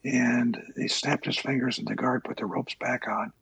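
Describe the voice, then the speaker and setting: An older man, a former Navy officer, recounting his past in a halting interview with many fillers. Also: medium pitch, fairly even intonation, creaky, a bit bright, husky, no echo, poor audio. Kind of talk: oral history interview.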